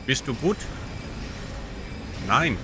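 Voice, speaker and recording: A man putting on an exaggerated mock German accent, as a blunt comic German character, with clipped, loud exclamations. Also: medium pitch, very slow, vocal fry, over music, heavily acted. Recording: steady background noise.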